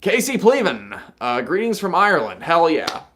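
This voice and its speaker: Young male streamer, slightly high and animated, casual and profane. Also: normal speed, background noise. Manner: chatty, swears freely, laughs at his own jokes. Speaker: live stream host. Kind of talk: casual live stream chat.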